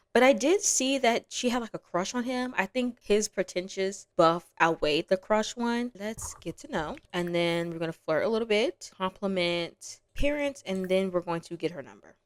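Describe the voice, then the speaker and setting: A young woman giving casual, playful commentary on her own game, chatty and quick to laugh. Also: medium pitch, lively intonation, no room sound. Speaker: gaming vlogger.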